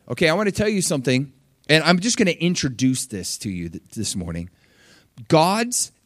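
Animated young man preaching a sermon. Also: no room sound, clean studio sound. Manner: animated, conversational, acts out quotes with big pitch leaps.

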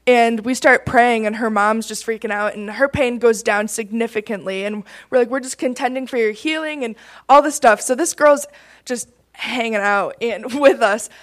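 A young woman from Michigan telling a personal testimony story, laughing often and getting excited as she talks. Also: on the high side, moderate pace. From Michigan, USA. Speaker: campus ministry team member.

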